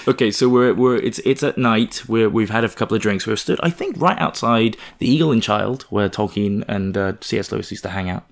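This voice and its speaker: A man in casual conversation, telling a personal story in an animated, self-deprecating way. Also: lowish voice, brisk, vocal fry, hardly any pauses.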